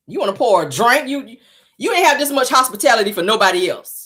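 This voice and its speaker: A woman hosting her own gossip show, blunt, sassy and full of profanity. Her pitch swoops widely as she dishes her commentary. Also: sing-song, fast talker, a bit bright. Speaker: host.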